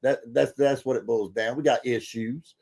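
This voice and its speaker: A man hosting a podcast in casual, folksy chat, full of fillers and bursts of excitement. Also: mid-range voice, normal speed. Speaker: podcast host.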